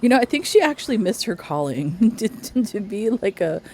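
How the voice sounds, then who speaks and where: A woman's voice: medium pitch, sing-song, moderate pace, mellow, a little hiss or hum. A woman making mocking commentary over a stream, with dry, scornful remarks.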